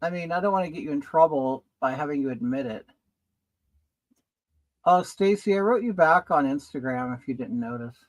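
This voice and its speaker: A man's voice: on the high side, expressive, moderate pace, no echo. A man hosting a casual livestream from home while doing his makeup, chatting and greeting viewers by name. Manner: chatty, reads viewer comments aloud and greets them. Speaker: livestream host.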